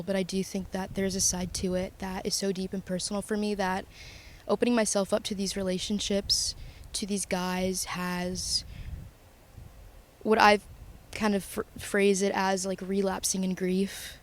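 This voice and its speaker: A young woman talking through her feelings in a confessional vlog, earnest and emotional, halting with pauses and restarts. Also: medium pitch, flat delivery. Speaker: vlogger.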